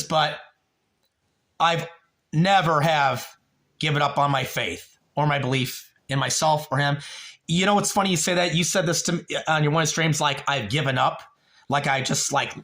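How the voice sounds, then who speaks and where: Gravelly, bright-voiced man ranting on a livestream. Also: a little high. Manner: rambling, emotional, profane, talks to a viewer by name. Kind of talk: emotional livestream monologue. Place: home.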